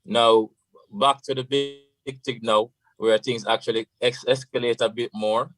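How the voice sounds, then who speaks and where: A man's voice: medium pitch, steady tone, moderate pace, fairly bright tone, faint music behind, low-quality recording. A Jamaican man, a radio guest, tells a long story in a loose, casual way, slipping into patois and saying "you know" often. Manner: rambling, full of "you know" and patois phrases.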